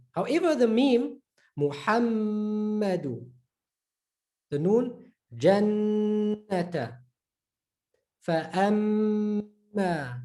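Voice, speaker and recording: A man teaching a recorded lesson, patiently repeating example words slowly and drawn out, with casual "right?" and "okay" check-ins. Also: sits high, warm tone. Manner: informal, fillers like "right?" and "okay".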